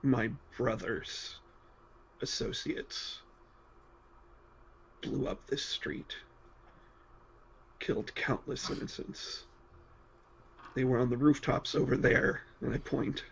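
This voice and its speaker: A grim young warrior, played by a man, speaking slow, low and solemn in a tabletop role-play game. His voice is gravelly and the lo-fi microphone sounds dull. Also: fairly even intonation, a little hiss or hum. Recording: dull lo-fi mic.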